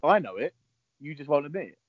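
A man's voice: a little high, sing-song, quick pace, no echo. A man, teasing his co-host in casual podcast chat and hesitating with fillers. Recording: dry, dull lo-fi sound.

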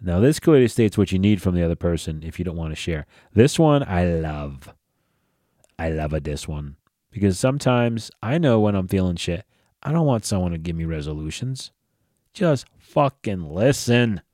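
A man's voice: low voice, big pitch swings, normal speed, dark tone, no echo, studio quality. A man hosting a casual solo podcast, talking bluntly and profanely in a loose, conversational way, sounding tired. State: tired, yawning. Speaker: podcast host.

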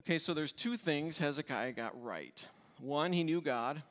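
A man's voice: on the high side, animated, measured pace, fairly bright tone. A male pastor preaching a sermon with emphatic delivery, repeating key words in lists. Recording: long reverb in a church hall.

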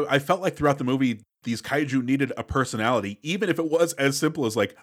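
A man's voice: mid-range voice, fairly bright tone. A man co-hosting a movie podcast in casual chat, opinionated, with exasperated asides. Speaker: podcast co-host.

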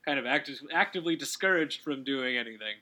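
A man hosting a relaxed gaming commentary, rambling and correcting himself as he talks, with quick laughs. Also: medium pitch. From Canada. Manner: rambling, self-correcting, giggly. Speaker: let's play host.

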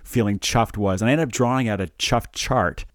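Brief: male co-host, cheerful upbeat chat, low voice, dry close-mic sound. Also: brisk, no room sound. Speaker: podcast co-host, anesthesiologist. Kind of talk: casual chat.

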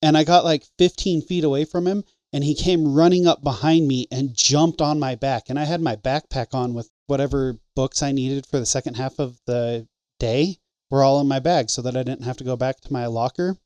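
A man's voice: mid-range voice, fairly even intonation, normal speed, a little mellow, no room sound. A man in casual chat, telling a joking, profane story and quoting people in it. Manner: swearing, joking, quotes people in his stories.

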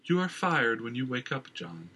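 A man reading an audiobook, voicing a cool, composed woman guild boss with a calm, purring, melodic manner. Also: mid-range voice, moderate pace, slightly rough, exaggerated voice. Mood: coolly taunting.

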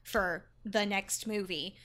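A woman's voice: mid-range voice, fairly even intonation, takes it slowly, fairly bright tone. A woman co-hosting a movie podcast, chatting casually with dry teasing humor. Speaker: podcast co-host. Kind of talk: casual chat.

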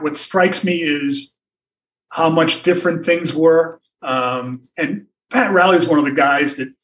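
An older man, a sportswriter, spins long anecdotes, wandering and restarting as he goes. His voice sits slightly high for a man and sounds a little distant from the microphone. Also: a bit bright. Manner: rambling, many restarts and asides. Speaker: sportswriter guest. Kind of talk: anecdotal storytelling in a podcast interview.

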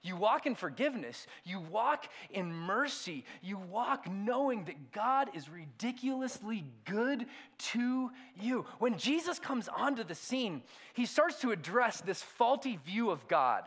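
A middle-aged man delivers a sermon in a fairly high, lively voice. He tells stories with sudden loud outbursts and then drops to hushed, quiet lines. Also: unhurried, hardly any pauses. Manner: animated storytelling, swings from loud outbursts to hushed asides. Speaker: pastor.

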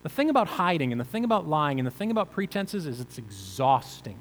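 A man's voice: on the high side, very animated, fairly quick, in a large hall, a little hiss or hum, poor audio. A male pastor preaching a conversational sermon, asking the listeners rhetorical questions.

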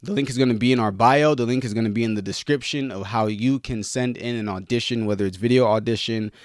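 A man's voice: mid-range voice, fast talker, dry recording, clean studio sound. A man hosting a Christian podcast, out of breath after running up stairs, chatting casually and correcting his own slips. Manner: energetic, rambling, self-correcting. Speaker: podcast host. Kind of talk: casual chat.

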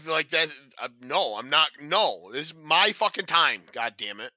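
A man's voice: on the high side, big pitch swings, measured pace, pushed and bright, dry recording. A man co-hosting a podcast, talking bluntly and swearing in casual chat. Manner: blunt, swearing, short agreeing remarks. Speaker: podcast co-host. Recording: dull lo-fi podcast audio.

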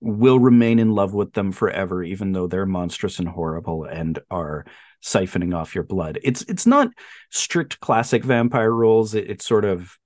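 Animated man chatting on a podcast. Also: low voice, moderate pace, dry recording, studio quality. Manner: animated, laughs often, mimics voices. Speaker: podcast host. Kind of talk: casual chat.

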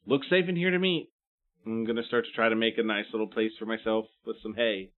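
A man's voice: fairly low pitch, brisk. A man playing a tabletop game, easygoing and playful. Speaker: player. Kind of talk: casual tabletop play. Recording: phone-like online call audio.

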